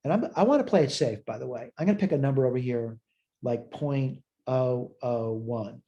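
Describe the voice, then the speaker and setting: A man's voice: mid-range voice, normal speed, mellow, dull audio. A man teaching a college math lesson, thinking aloud as he works through problems in a chatty, self-deprecating way. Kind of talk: recorded math lecture.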